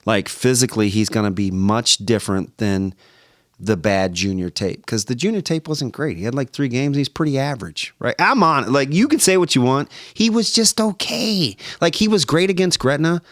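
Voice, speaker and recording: A man's voice: medium pitch, animated, fairly quick, no room sound. Man, podcast guest, storytelling, acts out quoted voices, lots of "like", dry close sound. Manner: tells stories by acting out both sides of phone calls, many "like"s and restarts. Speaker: podcast guest, former football player. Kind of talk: animated storytelling in conversation.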